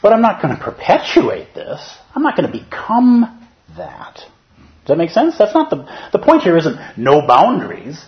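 A man's voice: on the high side, huge pitch swings, unhurried, highs cut off. A man teaching as a Zen teacher in a dharma talk, conversational and humorous, often checking in with listeners.

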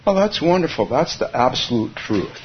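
A man's voice: mid-range voice, sing-song, normal speed, slightly rough. A man from California giving a Zen dharma talk, musing aloud with frequent chuckles and restarts. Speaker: Zen teacher. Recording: dull lo-fi recording.

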